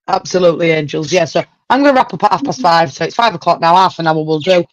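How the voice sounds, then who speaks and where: A woman hosting a casual livestream chat, talkative and quick to exclaim. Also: on the low side, no echo, poor audio. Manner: chatty, exclaims and laughs often. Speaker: livestream host.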